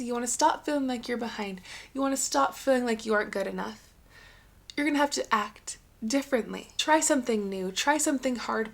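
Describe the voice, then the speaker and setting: A young adult woman hosting a solo podcast, talking in an earnest, encouraging, conversational way. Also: fairly high pitch. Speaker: podcast host.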